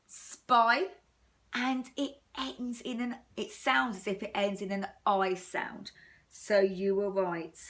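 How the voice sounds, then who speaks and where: An English woman teaching young children a phonics lesson, slow, sing-song and encouraging, stretching words out. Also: medium pitch, a bit bright. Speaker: primary school teacher.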